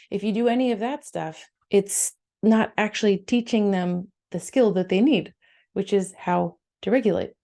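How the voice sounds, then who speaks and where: A middle-aged woman with an Australian accent, a psychotherapist giving animated parenting advice. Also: mid-range voice, normal speed. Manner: animated, acts out parent and child voices.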